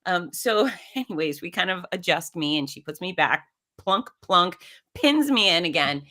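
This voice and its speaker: Lively middle-aged woman telling a story. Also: fairly low pitch, normal speed. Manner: animated, acts out quoted voices. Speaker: podcast guest. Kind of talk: conversational storytelling.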